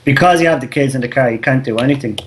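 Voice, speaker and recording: Irish man, thirties, podcast co-host, slangy storyteller, swears a lot, mid pitch. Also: racing, a little hiss or hum. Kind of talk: casual chat.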